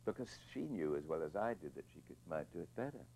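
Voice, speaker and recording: A man's voice: sits low, sing-song, fast, gravelly, a little mellow, a little hiss or hum, low-quality recording. An older man, a film director being interviewed, telling reflective anecdotes with hesitant restarts and repeated words.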